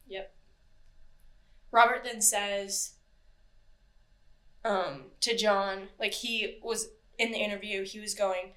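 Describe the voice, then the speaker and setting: A woman's voice: medium pitch, steady tone, takes it slowly, long pauses, a bit bright. Chatty woman retelling a true crime case. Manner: chatty, swears freely, acts out quotes. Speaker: podcast co-host. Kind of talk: casual true-crime storytelling.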